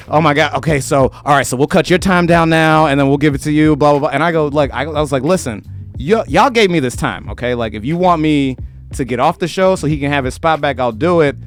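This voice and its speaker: A man's voice: a little high, fairly quick, gravelly, a bit bright, soft background music. A man hosting a podcast, chatting casually in a laid-back, slangy way and swearing freely. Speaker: podcast host, comedian.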